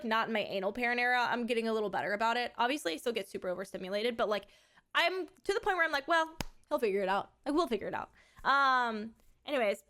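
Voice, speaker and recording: A woman's voice: a little high, sharp tone. A woman live streamer in a casual, rambling chat who swears freely.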